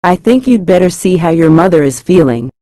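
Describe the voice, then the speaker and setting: A man's voice: high voice, lively intonation, fairly quick, warm tone, no room sound. A woman reading the lines of an awkward, hesitant male visitor from a play script.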